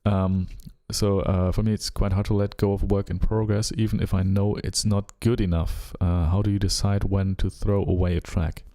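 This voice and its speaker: A man with a German accent chatting casually during a live music-production stream, musing and relaxed, humming rhythms and trailing off. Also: deep voice, moderate pace, hardly any pauses. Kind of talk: casual live-stream chat while working.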